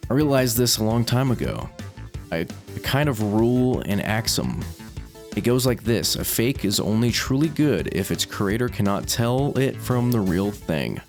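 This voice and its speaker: A man's voice: on the low side, lively intonation, moderate pace, soft background music. A man reading a visual novel's first-person narration aloud as a let's play host, with small stumbles.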